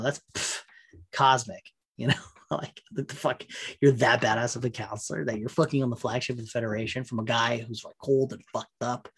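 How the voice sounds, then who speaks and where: A man in a rambling, profane, animated casual rant. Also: mid-range voice, breathy edge.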